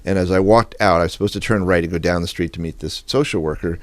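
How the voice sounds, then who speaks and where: A man with a very low voice rattles through his story at a quick clip, animated and full of quoted dialogue. He sits at a studio mic on a radio show. The sound is close and dry. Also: dry recording. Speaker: guest photographer. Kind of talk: storytelling interview.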